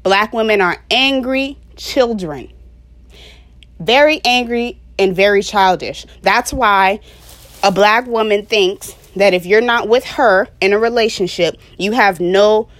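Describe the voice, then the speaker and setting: A woman's voice: mid-range voice, unhurried, a bit bright. Passionate, emphatic woman lecturing. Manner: preachy, lecturing. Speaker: vlogger. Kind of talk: opinion monologue to camera.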